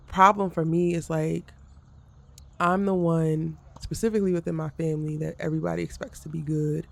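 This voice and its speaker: Woman vlogger just venting to the camera, kinda flat delivery, lots of vocal fry. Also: sits low, normal speed, dry recording. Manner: frank, venting about a hard day. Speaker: content creator. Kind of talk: candid vlog monologue.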